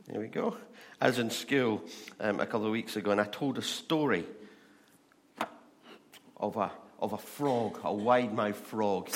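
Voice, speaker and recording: A man's voice: on the low side, unhurried, pauses often. A man from Scotland, preaching a chatty sermon full of stories and questions to the audience. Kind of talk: sermon with humorous storytelling.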